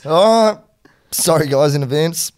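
A man's voice: fairly high pitch, lively intonation, slow pace, a little mellow. A young man, a podcast guest, musing offhandedly about life and laughing mid-sentence. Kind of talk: casual chat.

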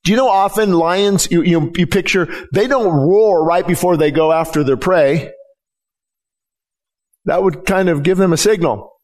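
A man's voice: sits high, a little slow, a little mellow. A middle-aged man preaching a sermon as pastor, emphatic and often repeating words as he presses his point.

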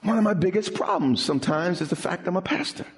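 A man preaches fast as a pastor, his sermon dramatic as it dips low and soft and then soars into high, pleading appeals.

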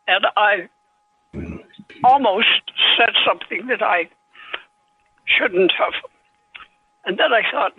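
Husky old woman on a phone line. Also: medium pitch, dry recording. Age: 90s. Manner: slow, gentle storytelling with halting restarts. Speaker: author guest. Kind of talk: telling anecdotes in an interview.

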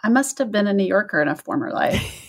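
A woman's voice: mid-range voice, animated, fast. A woman co-hosting a podcast who lives in the American South, reading listener letters aloud and laughing along in casual chat. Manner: reads letters aloud, warm banter, laughs often. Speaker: podcast co-host.

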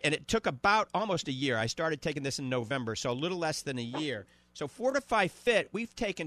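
A man in his fifties with a New Orleans accent, hosting a radio call-in show and pitching a supplement, often checking in with "okay?". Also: sharp tone, dry recording. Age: 50s. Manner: salesy, repeats "okay?" and "all right?" to the listener. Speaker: radio host selling supplements.

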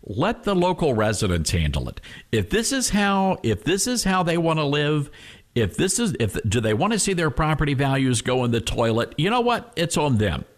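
A man's voice: on the high side, very animated, moderate pace. A man hosting a talk radio show, speaking in a folksy, emphatic way and repeating phrases for effect. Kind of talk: conservative talk radio monologue.

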